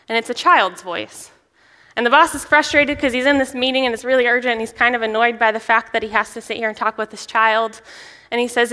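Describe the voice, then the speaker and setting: A young woman, a children's ministry director, preaching a sermon in a church, chatty and lively, often laughing as she tells a story. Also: a little high, fairly quick. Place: church sanctuary. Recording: long reverb of a large hall.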